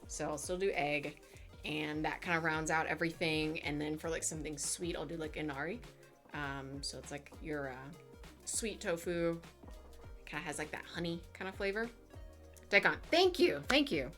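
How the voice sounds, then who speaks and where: A woman's voice: deep voice, normal speed, fairly bright tone, faint music behind. A woman in her twenties chatting casually with her live chat as a streamer, full of fillers and playful asides.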